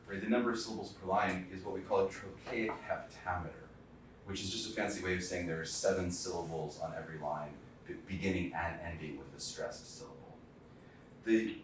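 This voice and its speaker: A man giving a public talk on poetry in a loose, hesitant way, with many ums and restarts. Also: sits low. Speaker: lecturer. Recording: far-off mic in a very echoey room with faint noise.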